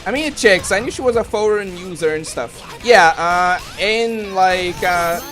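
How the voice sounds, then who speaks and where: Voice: mid-range voice, normal speed, fairly bright tone, soft background music. A game streamer chatting casually with viewers while playing, rambling with lots of fillers and restarts and joking loosely with the chat.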